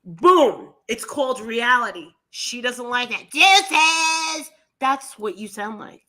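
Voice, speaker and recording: Blunt high-voiced woman host. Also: slow. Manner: blunt, animated, scornful. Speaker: commentary channel host. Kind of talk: casual commentary chat.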